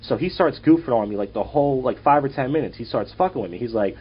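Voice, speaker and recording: A man's voice: medium pitch, animated, fast talker, hardly any pauses, husky. A young man, hosting a casual podcast and telling rambling, profane stories. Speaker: podcast host and comedian. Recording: dull lo-fi audio.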